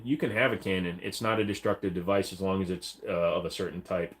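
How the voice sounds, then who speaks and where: A man's voice: low voice, steady tone, fast talker. A man hosting a casual livestream, chatting bluntly and profanely while reading viewer comments aloud. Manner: blunt, profane and rambling, mock-voices chat messages. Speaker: livestream host.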